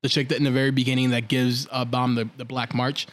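A man's voice: mid-range voice, quick pace. A man co-hosting a comedy podcast, swearing freely and acting out characters' lines as he recaps. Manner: profane, animated, acts out characters' lines. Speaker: podcast co-host. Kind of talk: casual comedy chat.

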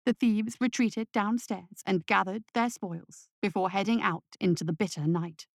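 Woman, audiobook narrator, steady, measured, mid pitch, dry close recording. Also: creaky, no room sound. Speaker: audiobook reader. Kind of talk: scripted story narration.

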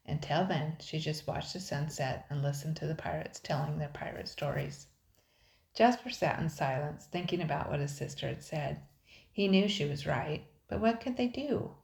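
An older woman, a grandmother, narrating a children's storybook in a steady, expressive reading. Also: low voice, normal speed, vocal fry. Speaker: storybook reader. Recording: echoey room.

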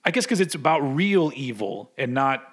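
A man's voice: mid-range voice, big pitch swings, breathy edge. A man co-hosting a casual music podcast, rambling and restarting his sentences. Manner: rambling, halting restarts, laughs often. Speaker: podcast co-host.

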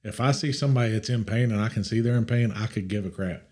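A man co-hosting a casual chat show, talking in an animated, emphatic way and often restarting his sentences. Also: lowish voice, fast talker. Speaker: podcast co-host.

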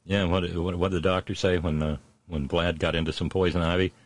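A middle-aged man hosting a satirical on-this-day history segment, full of puns and sarcastic asides, slowing down for his punchlines. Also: low voice, level tone, no room sound. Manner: punning asides and sarcastic jabs; slows down for punchlines. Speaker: host of a daily history segment.

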